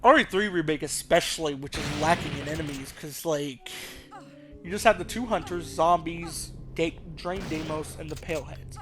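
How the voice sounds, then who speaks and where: Let's play host, male, higher-pitched, loose rambling commentary with faint game music under it. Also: moderate pace. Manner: rambling, casual, swearing, thinks aloud.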